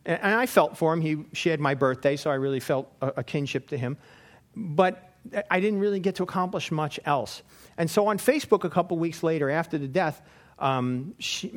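A man giving an informal Bible teaching in a rambling, anecdotal way, with frequent fillers. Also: a little high. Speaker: preacher.

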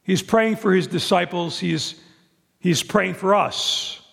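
An earnest male pastor delivering a sermon, his voice pitched high with a gravelly rasp. He stumbles and repeats words as he presses his points. The sound rings with the long reverb of a church hall. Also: unhurried, fairly bright tone.

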